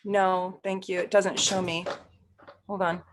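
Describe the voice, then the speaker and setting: A woman's voice: on the low side, flat delivery, unhurried, a crowd in the background. A woman astrologer hosting a casual live stream, chatting with viewers, easily flustered and laughing often.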